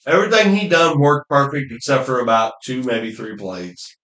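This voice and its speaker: A man's voice: medium pitch, moderate pace, a bit bright. Joking man with a roomy echo. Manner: joking, laid-back, crude banter. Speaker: podcast co-host. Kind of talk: casual chat.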